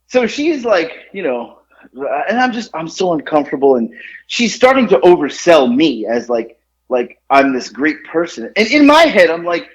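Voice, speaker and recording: Animated rambling man telling a story. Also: a little high, normal speed, highs cut off. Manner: animated, rambling, lots of "like" and restarts, laughs at his own story. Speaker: podcast co-host telling a story. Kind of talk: casual storytelling chat.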